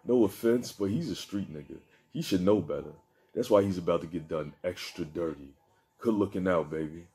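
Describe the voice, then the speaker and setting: A man voicing an impatient man plotting a robbery, talking in curt, dismissive street slang with a deep, dark voice. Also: moderate pace, breathy edge. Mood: scheming.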